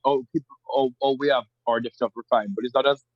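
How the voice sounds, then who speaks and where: A man's voice: very fast, no room sound, dull audio. A man with a Jamaican accent, a guest in a conversational interview, talking animatedly and slipping into other dialects. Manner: animated, imitates dialects with lively pitch jumps.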